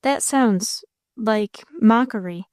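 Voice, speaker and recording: A woman voicing a proud, reserved young woman who is quietly unhappy, speaking slowly and with careful composure. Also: a little high, no room sound, studio quality.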